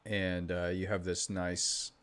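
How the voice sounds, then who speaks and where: A man's voice: low-pitched, little pitch movement, slow pace, fairly bright tone, clear, resonant tone. A man hosting a live trading stream, chatting casually and thinking aloud as he reads the charts. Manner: offhand, thinking aloud while watching charts. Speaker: trading livestream host.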